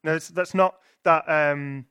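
A man's voice: fairly high pitch, fairly even intonation, measured pace, a bit bright, smooth, dry recording, studio quality. Young man preaching conversationally. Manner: conversational, thinking aloud with frequent restarts and rhetorical "right?". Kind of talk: sermon.

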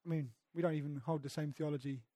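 A man's voice: on the high side, steady tone, fast, warm tone, no room sound, studio quality. A man, a pastor, preaching a sermon conversationally and emphatically, often repeating words as he goes.

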